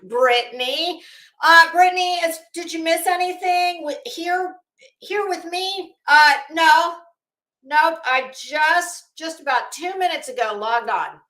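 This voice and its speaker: Female livestream host, chatty and rambling, bright tone, echoey home room. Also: very high voice, takes it slowly. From Florida. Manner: chatty, greets viewers by name, rambling asides. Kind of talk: casual livestream chat.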